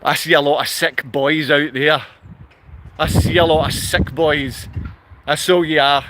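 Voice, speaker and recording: With a fairly high, fairly even-toned voice that's a little slow, a Glasgow man vlogs an angry rant directly to camera against background noise. The Scot is furious, insulting and repetitive throughout.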